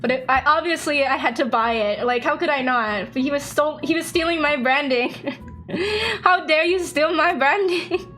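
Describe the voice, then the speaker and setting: A young woman with a high voice streams as a VTuber and chats casually. She is excitable and laughs a lot, and she acts out both sides of the conversations she retells. Faint music plays under her voice. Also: normal speed.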